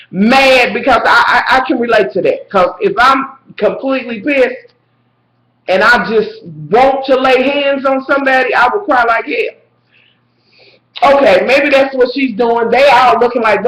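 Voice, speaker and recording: A woman in a casual vlog, reviewing a reality show with sassy, profane, animated rants and frequent shouting. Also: fairly high pitch. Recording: echoey room.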